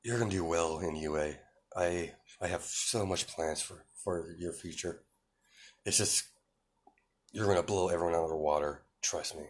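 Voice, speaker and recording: A man's voice: low voice, normal speed. A man voicing a doting but ruthless middle-aged mother in a storytelling fan fiction, lifting his voice with sweet, lilting endearments.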